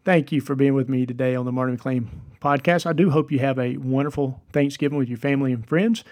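A man's voice: medium pitch, steady tone, quick pace, darkish tone. A man, hosting a devotional podcast and telling a story in an earnest, encouraging way. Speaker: podcast host.

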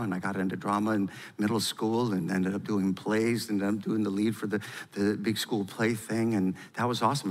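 A man preaching in an emphatic sermon style, his voice swelling into loud, fervent exhortation. The sound carries a long, echoing reverb from a large hall. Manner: emphatic, builds to loud, high-pitched exhortation.

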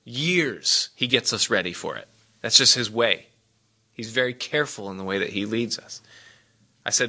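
A man's voice: medium pitch, moderate pace, pushed and bright. A man preaching a sermon as pastor, emphatic and asking his congregation direct questions.

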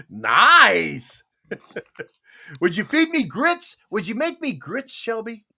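A man's voice: high-pitched, very slow, creaky, husky. A man hosting a casual chat show, joking and teasing his guests. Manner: playful, jokey, animated. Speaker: show host.

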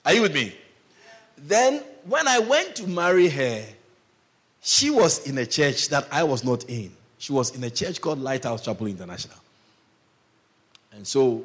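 Animated man telling a story from the pulpit. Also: mid-range voice, breathy edge. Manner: animated storyteller, acts out quoted voices. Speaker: pastor. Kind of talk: sermon storytelling.

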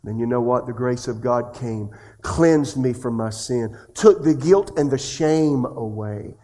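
A man's voice: mid-range voice, measured pace. Man preaching a sermon. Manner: swings between loud questions and hushed confessions; asks the congregation direct questions. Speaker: pastor.

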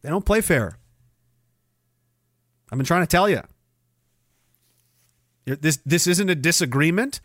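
A man's voice: lively intonation, slow pace, long pauses, fairly bright tone, dry recording, studio quality. A man hosting a livestream, ranting in a profane, rambling way and mocking others with sarcastic put-on voices. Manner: sarcastic, mocks others in high mimicking voices. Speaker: livestream host.

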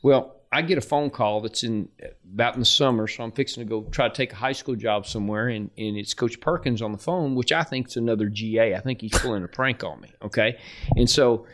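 A man's voice: medium pitch, a little fast. Folksy man telling coaching stories. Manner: folksy and animated, laughing through anecdotes; acts out dialogue in his stories. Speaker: football coach guest. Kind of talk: storytelling in a podcast interview.

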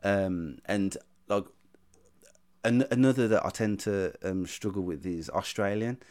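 A man's voice: sits low, unhurried, a little mellow. A man from the UK hosting a casual podcast, talking hesitantly with many stammers and restarts. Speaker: podcast host.

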